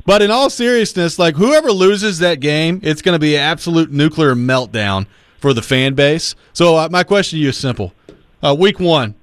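Male sports host, smooth and clear, dry close sound, wry. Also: a little high, expressive, normal speed, dry recording. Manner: wry, joking setup before questions. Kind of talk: sports talk hosting.

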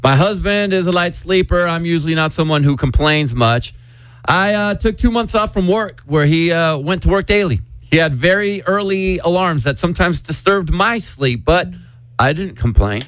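A man's voice: fairly high pitch, lively intonation, normal speed, a bit bright, clear, resonant tone, no room sound. A man hosting a radio morning show, joking with co-hosts and reading listener letters aloud. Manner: upbeat, joking. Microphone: studio microphone. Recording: dry studio sound.

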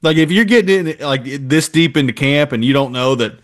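A man's voice: a little high, moderate pace. A man co-hosting a sports talk show, emphatic and opinionated, peppering his points with fillers. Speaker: sports podcast co-host.

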